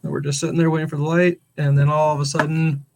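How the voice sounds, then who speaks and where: A podcast host with a slightly higher voice tells a rambling story to his co-host. He is animated, laughs through his words and often starts over mid-sentence. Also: fast talker, vocal fry, noisy background. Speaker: father. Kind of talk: casual storytelling chat.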